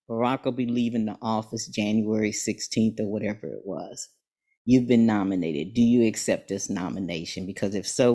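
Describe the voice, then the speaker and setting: A woman's voice: a bass voice, dark tone. A woman in her seventies, a guest telling her story in an earnest, emphatic way during an interview. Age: 70s. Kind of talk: motivational interview.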